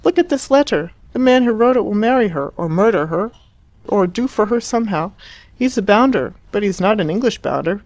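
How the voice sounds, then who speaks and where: A woman's voice: medium pitch, lively intonation, a little fast, a little mellow, no echo, pitched above the performer's own voice, natural voice. A woman voicing a petulant young Englishman. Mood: vehement. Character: exasperated young Englishman, cynical and sulky.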